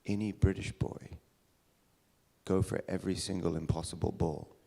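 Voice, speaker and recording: Man doing an earnest American tennis coach, polite and soft-spoken, low gravelly tone. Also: little pitch movement, normal speed, full character voice.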